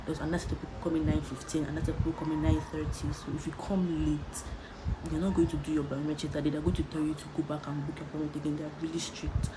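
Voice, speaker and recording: A woman's voice: deep voice, level tone, racing. A young woman vlogger from Nigeria, chatting casually and rambling as she talks to the camera. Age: young adult. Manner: chatty, rambling, laid-back. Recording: noticeable background noise.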